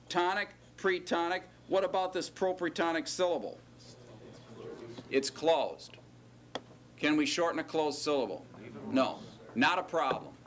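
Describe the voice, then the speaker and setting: A man teaching a classroom lecture, explaining step by step, often checking with "right?" and gently teasing his students. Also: on the high side, a little hiss or hum.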